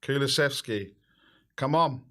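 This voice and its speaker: A young man hosting a live football watch-along, excitable and shouting encouragement. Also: medium pitch, a little slow.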